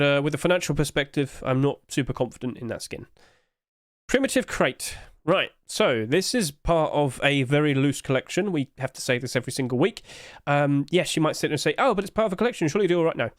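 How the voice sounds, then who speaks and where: A man's voice: mid-range voice, dry recording, clean studio sound. A man hosting casual commentary, chatty and hedging, with apologetic asides, recorded at home on a desk mic. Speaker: host.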